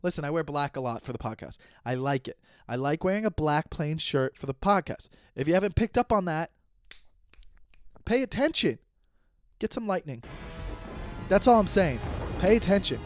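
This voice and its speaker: Soft background music plays under a solo podcast where a man in his thirties rants comedically, animated and exasperated, frequently repeating and restarting his lines. His voice is on the high side and fairly quick, recorded at studio quality with no echo.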